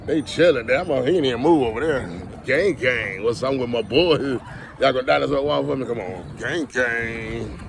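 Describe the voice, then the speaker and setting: A man filming a casual comedy vlog outdoors on a city street, joking loudly, swearing and laughing as he talks. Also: medium pitch, normal speed, vocal fry. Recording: noisy street recording.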